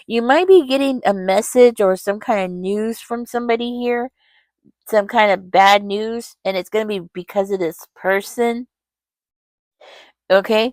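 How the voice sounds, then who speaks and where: A woman doing a casual tarot reading, speaking right to the listener at an ordinary pitch. She rambles, repeats herself and keeps slipping in fillers. Her voice is dry and close, with no room sound. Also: dry recording. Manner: rambling, talks straight to the viewer, many "you know" fillers and restarts. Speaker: tarot reader.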